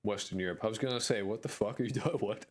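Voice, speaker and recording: A man's voice: on the low side, racing. An American man chatting on a live stream, rambling and jokey, with crude language. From United States. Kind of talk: casual live-stream chat.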